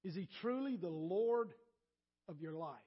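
A male pastor delivers a sermon in a strikingly high, raspy voice with lively intonation and an unhurried pace, repeating himself to build a point. He calls listeners by name, swinging from near-whispered asides to loud, emphatic lines. The recording is muffled and lo-fi.

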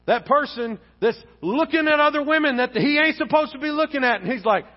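A male pastor preaches with a very high-pitched voice, animated and theatrical. His voice rings with long reverb through a church hall. The recording is a bit dull and muffled. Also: a little fast, hardly any pauses. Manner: animated preaching, acting out dialogue. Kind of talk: sermon. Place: church sanctuary. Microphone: wearing a face mask.

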